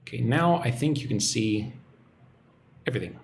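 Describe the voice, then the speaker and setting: A man giving a live-streamed English lesson, relaxed and chatty as he reads out viewer comments. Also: mid-range voice, normal speed, gravelly, slight background noise. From United States. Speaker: English teacher.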